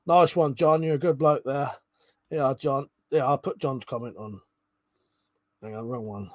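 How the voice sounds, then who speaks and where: A man's voice: medium pitch, fairly even intonation, measured pace, no echo. Man, casual livestream chat, swears a lot, dry close sound. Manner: casual, swears freely, chuckles while reading comments. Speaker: livestream host reading chat.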